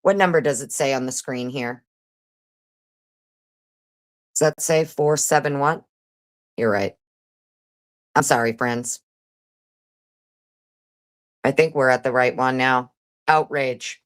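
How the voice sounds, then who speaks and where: A woman with a low voice hosts a casual livestream. She reads a legal document aloud at speed and cuts in with sarcastic, cursing remarks to her viewers. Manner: fast reader; sarcastic and profane. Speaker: livestream host.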